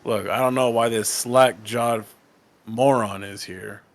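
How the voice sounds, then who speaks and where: A man voicing the Trapper, a rude, brutish male killer in a dating-sim game, speaking gruffly and throwing insults. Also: mid-range voice, fairly even intonation, slow. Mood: scornful.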